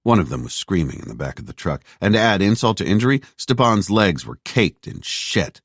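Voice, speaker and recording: Very deep-voiced man narrating. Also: big pitch swings, fairly quick, no room sound, studio quality. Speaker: audiobook narrator. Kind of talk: scripted narration.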